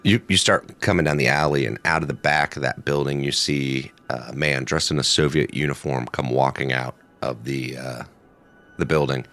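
A man narrating a tabletop game as game master, in a relaxed, halting way. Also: rumbling low, faint music behind.

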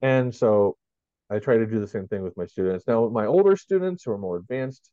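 A man's voice: on the low side, expressive, brisk, warm tone, no room sound, highs cut off. A man, a language teacher, chatting casually in an interview in an agreeable, friendly way. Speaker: ESL teacher in conversation.

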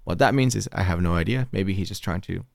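A man co-hosting a podcast in casual chat, easygoing and halting. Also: sits low, gravelly, darkish tone, no room sound, studio quality. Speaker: podcast co-host.

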